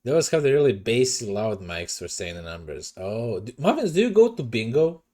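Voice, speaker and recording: Young guy streamer, animated up-and-down pitch, rambly and swears, home desk mic. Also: a little fast. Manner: chatty, swears, self-conscious, talks to chat. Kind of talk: casual livestream chat. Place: home room. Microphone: desk microphone.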